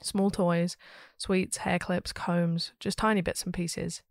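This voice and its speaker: A woman hosting a story podcast, reading a listener's ghost story aloud with steady, expressive storytelling. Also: lowish voice, takes it slowly, creaky, no echo, clean studio sound.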